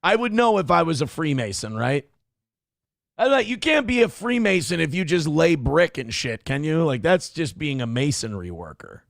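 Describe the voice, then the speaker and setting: Gravelly-voiced, blunt, profane male host. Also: a little high, sing-song, normal speed, dry recording, studio quality. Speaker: livestream show host. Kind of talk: casual livestream commentary reading chat. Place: home studio.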